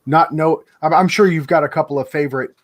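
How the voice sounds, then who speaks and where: High-voiced, joking male co-host. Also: fast talker. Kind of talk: casual podcast chat.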